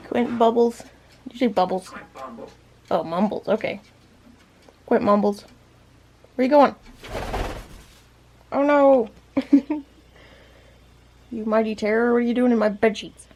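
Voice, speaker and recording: A woman's voice: on the high side, slow, long pauses, a little mellow. A woman vlogger chatting playfully to her pet parrot in teasing baby-talk, laughing often.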